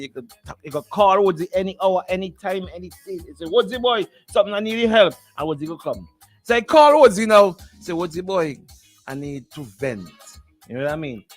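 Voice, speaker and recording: A man, hosting a morning radio show and telling stories in a teasing way, repeating himself and laughing often. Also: high voice. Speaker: radio host. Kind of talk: animated morning-show storytelling.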